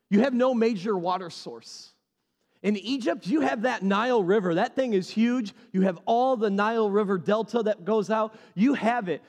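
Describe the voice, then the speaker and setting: Animated preacher man in an echoey hall. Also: very high-pitched. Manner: animated, repeats key phrases for emphasis. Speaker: pastor. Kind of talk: sermon.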